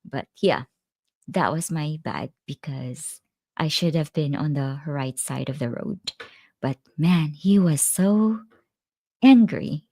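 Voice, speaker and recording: A middle-aged woman hosts a casual livestream, chatting, laughing easily, telling stories, and answering viewer comments. Her voice is low, slow, and mellow. The recording is studio quality with no room sound.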